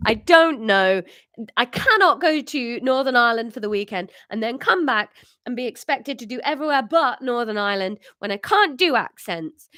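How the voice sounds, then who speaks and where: A woman's voice: fairly high pitch, lively intonation, moderate pace, pushed and bright, no echo, clean studio sound. A woman in her thirties reading her own comic story aloud, with chatty, self-mocking asides.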